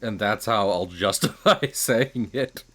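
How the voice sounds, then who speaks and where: A man giving casual, rambling commentary while streaming a game, chuckling at his own jokes and trailing off into quieter asides. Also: fairly low pitch, slow pace.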